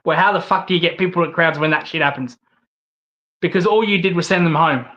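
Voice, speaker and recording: A man's voice: fairly high pitch, fast, bright, forceful tone, lo-fi sound. A man with an Australian accent hosting his own channel, ranting angrily with lots of swearing and repeated phrases. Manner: profane, repetitive ranting. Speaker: host. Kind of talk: angry rant vlog.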